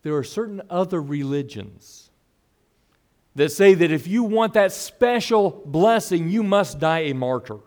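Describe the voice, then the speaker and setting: A man preaching an expository sermon as pastor, earnest, moving between loud emphasis and hushed asides. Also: a little high.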